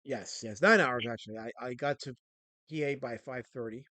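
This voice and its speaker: A man's voice: mid-range voice, normal speed. A man hosting a casual live stream, scolding his chat with plenty of swearing. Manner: scolds chat, profane, animated. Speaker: streamer and host.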